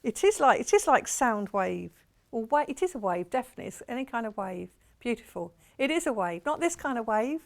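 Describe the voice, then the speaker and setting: A chatty woman with a Portsmouth accent presents products live on a shopping channel, gushing over each one and drifting into asides. Her voice sits a little high and carries a gravelly fry. She speaks from a television studio. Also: sing-song, brisk. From England.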